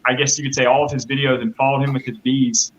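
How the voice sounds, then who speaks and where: A man's voice: mid-range voice, level tone, fast talker, poor audio. A man chatting as a guest beekeeper on a live call, eager and stammering with restarts. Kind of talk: casual chat.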